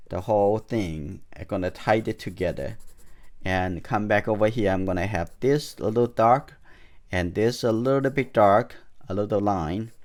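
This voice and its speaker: A man whose first language is Chinese, calmly talking through a charcoal drawing demonstration as an art teacher, thinking aloud as he works. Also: fairly low pitch. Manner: calm, thinking aloud while drawing, non-native phrasing.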